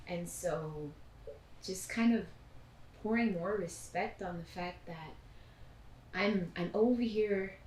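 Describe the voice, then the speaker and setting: A woman leading a casual group conversation, talking in a gentle, reflective, spiritual way. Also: on the low side, slow pace, pauses often, a little hiss or hum. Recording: echoey room from a distance.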